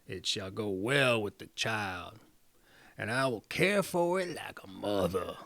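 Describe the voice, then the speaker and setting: A man voicing a menacing, powerful old witch who speaks in low, half-whispered threats. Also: expressive, takes it slowly, creaky, fairly bright tone, dry recording, exaggerated voice.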